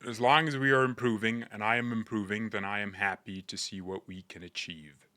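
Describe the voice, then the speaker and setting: A man doing an impression of a calm English footballer with an English accent, reading quotes in a measured, soft-spoken way. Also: fairly low pitch.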